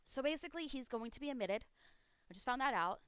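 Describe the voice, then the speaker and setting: A woman's voice: sits high, lively intonation, quick pace, a bit bright, smooth, no room sound. Emotional woman streamer holding back tears. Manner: emotional, fighting back tears, rambling with many ums. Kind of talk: casual update to stream chat.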